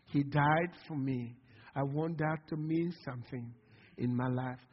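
A man's voice: mid-range voice, measured pace, breathy edge. A male pastor preaching a sermon to his congregation, with impassioned delivery and frequent calls of "Amen?". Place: church sanctuary. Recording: long hall reverb, dull lo-fi sound.

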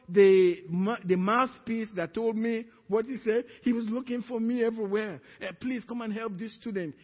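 Preaching in a husky, high-pitched voice, a middle-aged pastor from Africa narrates a story and takes on the voices of others, his pitch rising as he quotes them. The recording is dull and echoes with long reverb from a church hall.

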